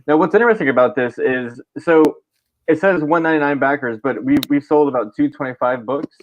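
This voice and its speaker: A man's voice: medium pitch, brisk, highs cut off. A man appearing as a guest on a casual livestream, explaining things in a laid-back way with many fillers. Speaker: comic creator guest.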